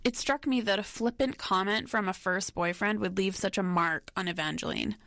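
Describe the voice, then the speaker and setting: A woman hosting a documentary, giving scripted narration in a measured, reflective way. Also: medium pitch, creaky, a bit bright, no echo, clean studio sound. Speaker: documentary host.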